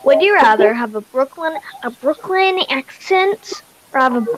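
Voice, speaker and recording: High-voiced woman hosting a live chat. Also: expressive, measured pace, over a noisy crowd, low-quality recording. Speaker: livestream host. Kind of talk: casual chat reading questions.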